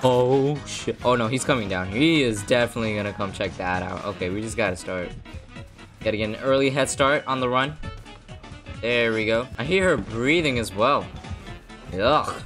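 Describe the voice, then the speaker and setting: A hyper, excitable young man giving gameplay commentary as a streamer and swearing often. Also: medium pitch, moderate pace, faint music behind. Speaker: gaming streamer.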